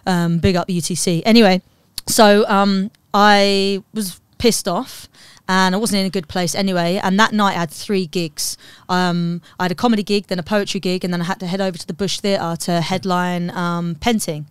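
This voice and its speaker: A woman's voice: medium pitch, fairly even intonation, moderate pace, hardly any pauses, clean tone, dry recording. A woman telling a story on a podcast, blunt and swearing freely, acting out both sides of a conversation. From Uxbridge, England. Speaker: comedian and poet guest.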